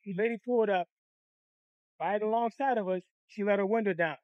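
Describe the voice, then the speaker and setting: A man from Detroit telling a childhood story in a blunt, crude, animated way. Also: sits high, fairly quick, long pauses, clean tone, dry recording, muffled recording. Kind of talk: comic storytime.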